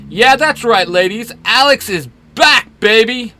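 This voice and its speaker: A cocky young guy, loud and boastful, with a bright, lively voice, as a man reads him aloud. Storybook fan audio. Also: high voice, slow, slight background noise, voice pushed up, exaggerated voice.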